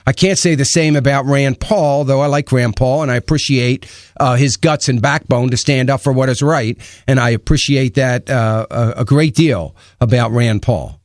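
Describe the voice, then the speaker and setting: A man's voice: medium pitch, moderate pace, no room sound. A man hosting a radio talk show, giving emphatic, opinionated commentary and asking rhetorical questions into a studio microphone.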